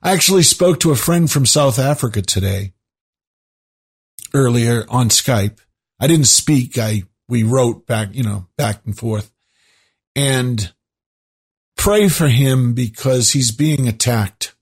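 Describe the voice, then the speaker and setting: A man with a husky, slightly breathy voice hosts his own show. He talks to his listeners in a loose, rambling monologue full of asides and restarts. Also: mid-range voice, takes it slowly, pauses often. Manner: rambling, conversational, many asides. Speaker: show host.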